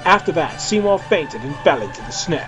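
A man's voice: a little high, big pitch swings, normal speed, fairly bright tone. A young man reading a fan-fiction story aloud, dramatic and playful, switching between character voices. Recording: dull lo-fi recording with faint music.

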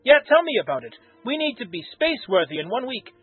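A man with a husky voice reading the lines of a stern, short-tempered female starship captain in a story, recorded thin and tinny. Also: very high-pitched, sing-song, fast talker, no echo, soft background music, full character voice. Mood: curt.

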